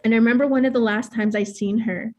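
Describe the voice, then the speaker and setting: A woman's voice: a little high, fairly even intonation, fast, darkish tone. Candid woman with a northern Saskatchewan accent. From northern Saskatchewan, Canada. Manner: candid, plain-spoken, laughs easily. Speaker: dancer and choreographer. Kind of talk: personal storytelling talk.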